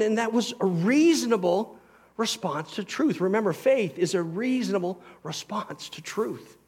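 High-voiced man preaching earnestly. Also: lively intonation, moderate pace, breathy edge. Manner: earnest, emphatic preaching with sudden swings between loud and soft. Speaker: pastor. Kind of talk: sermon.

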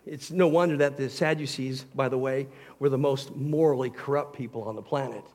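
A man preaching a sermon as pastor, earnest and emphatic, swinging between loud passages and quiet ones. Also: mid-range voice, fairly even intonation, fairly quick.

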